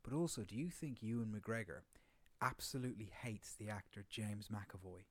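A man's voice: lowish voice, normal speed, no echo. A man co-hosting a casual film podcast, rambling and trailing off mid-sentence. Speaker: podcast co-host. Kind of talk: casual film-review chat.

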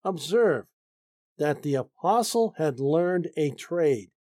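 Man, Bible teacher, slow and deliberate, lively pitch, dry close recording. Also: no room sound. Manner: slow, deliberate reading with emphatic stresses. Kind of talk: reading and commenting on scripture.

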